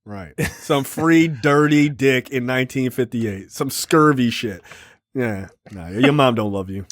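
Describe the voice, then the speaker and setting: A man co-hosting a casual movie review chat, chiming in with profane jokes and quick asides. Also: mid-range voice, no echo, clean studio sound. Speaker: podcast co-host.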